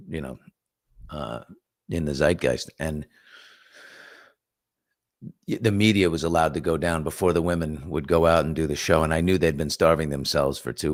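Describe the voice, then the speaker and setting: A middle-aged man hosting a casual morning talk show, telling stories with lively acted-out quotes. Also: rumbling low. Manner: animated storyteller, acts out quotes and whispers. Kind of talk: casual storytelling chat.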